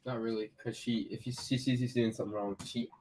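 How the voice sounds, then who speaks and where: A man's voice: mid-range voice, level tone, fast talker, a little mellow. A man co-hosting a morning show, chiming in with short, laid-back remarks in casual chat.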